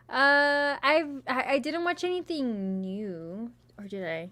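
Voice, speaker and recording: A woman's voice: high voice, slow, fairly bright tone. A young adult woman co-hosting a podcast, telling a story with lots of swearing and acted-out quotes in casual chat. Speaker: podcast co-host.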